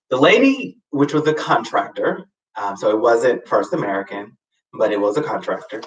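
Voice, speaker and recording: A man hosting a live show, telling a personal story in a casual, expressive way with sassy asides and sudden high swoops for emphasis. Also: moderate pace. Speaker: host. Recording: roomy, slightly distant mic.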